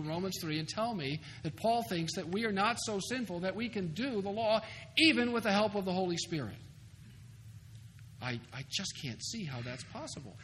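Emphatic high-voiced man lecturing in a hall. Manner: emphatic, animated, wry asides. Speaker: seminary professor lecturing. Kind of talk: conference lecture on theology. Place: conference hall. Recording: hall reverb with faint noise, 2004 recording.

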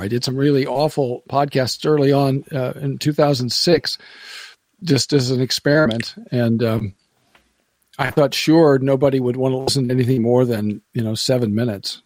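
A man's voice: medium pitch, darkish tone, dry recording. Rambling ex-radio man in casual podcast chat, stop-start delivery; mid-range voice, dry close recording. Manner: rambling, self-interrupting, laughs often. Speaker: podcast guest, former radio broadcaster.

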